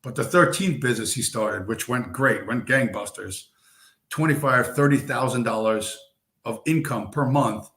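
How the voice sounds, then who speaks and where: Male stream host, mid-pitched, loose and profane storytelling, recorded in an echoey room. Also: moderate pace, fairly bright tone. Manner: rambling, profane storytelling with many fillers. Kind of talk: casual live-stream monologue. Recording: roomy echo.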